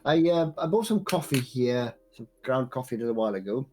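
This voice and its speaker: A man's voice: medium pitch, animated, a little fast, darkish tone, slight background noise. Hesitant polite man playing a game. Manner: hesitant, polite, many fillers. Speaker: player. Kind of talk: casual tabletop role-play.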